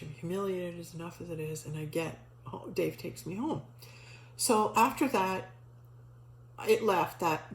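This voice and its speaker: A middle-aged woman telling a personal spiritual story in a casual, animated way, acting out the voices she quotes, with many restarts and fillers. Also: lowish voice, roomy sound, slight background noise, low-quality recording. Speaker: storyteller sharing a spiritual experience.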